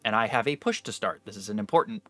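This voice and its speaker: A young adult man streaming live, telling a rambling story to his chat with animated, loose energy and casual swearing. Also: lowish voice, fast, no echo.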